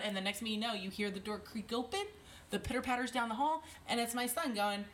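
A young woman, a conference organizer and mother, chatting casually with animated storytelling and a lot of laughter. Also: a little high, fast talker, recorded from a distance, a little hiss or hum. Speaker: event organizer. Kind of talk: casual chat.

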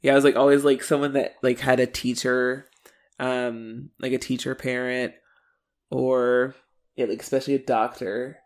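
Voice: mid-range voice, little pitch movement, normal speed. A podcast co-host with a mid-range voice chats casually. They ramble as they think aloud, stopping and restarting often and leaning on fillers. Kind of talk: casual recap chat.

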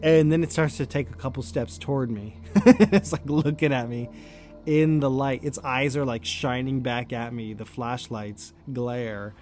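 A man's voice: mid-range voice, unhurried, a little mellow, soft background music. A man telling a personal story in a loose, chatty way, full of "like", light laughs and casual swearing. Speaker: storyteller host.

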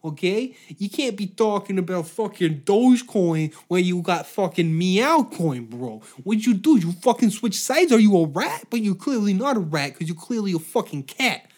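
A man's voice: sits high, big pitch swings, normal speed, few pauses, a little mellow, pitched above the performer's own voice. A man voicing a hotheaded Italian mafia man who swears constantly and badgers with rhetorical questions. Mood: belligerent.

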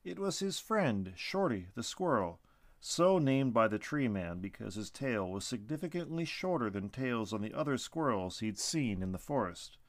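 A man narrating a story aloud in an expressive reading. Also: mid-range voice, moderate pace, dry recording, studio quality.

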